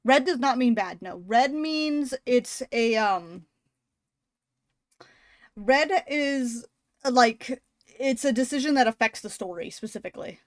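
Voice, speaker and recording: A woman live-streaming a story game, reading along and chatting, animated, laughing often and swearing casually. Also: a little high, slow pace, pauses often, no echo, clean studio sound.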